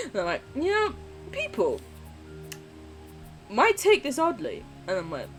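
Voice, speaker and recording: Foul-mouthed, gushing woman streamer. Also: a little high. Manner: swears freely, gushing and affectionate. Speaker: live streamer. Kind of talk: casual gaming stream chat.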